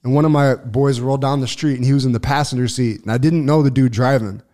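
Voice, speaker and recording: A man telling a long personal story on a casual podcast, swearing freely, restarting sentences and getting loud when excited. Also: medium pitch, fast talker. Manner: profane, rambling, lots of restarts and fillers; gets loud and excited when reliving events. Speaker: podcast co-host.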